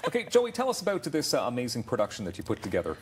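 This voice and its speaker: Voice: mid-range voice, wildly swooping pitch, racing, darkish tone, a little hiss or hum. A TV host who interviews guests playfully and laughs often. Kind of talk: chatty interviewing.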